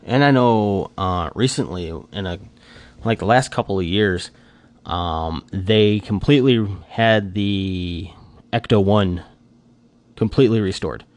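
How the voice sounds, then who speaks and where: Deep-voiced rambling man chatting. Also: slow pace. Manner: rambling, filler-heavy with many restarts; animated fan gushing, voice jumps up when excited. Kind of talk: casual chat.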